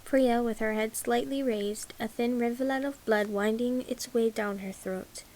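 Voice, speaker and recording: A woman reading a novel aloud as an audiobook, in an even, unhurried way. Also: fairly high pitch, low-quality recording. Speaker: audiobook reader. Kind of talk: audiobook narration.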